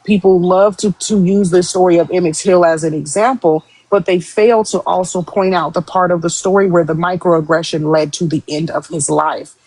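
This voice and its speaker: A woman's voice: on the low side, a little mellow, husky, no echo, rough recording. A woman hosting a live-stream discussion, explaining her view firmly and at length. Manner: firm, emphatic, explains at length. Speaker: host.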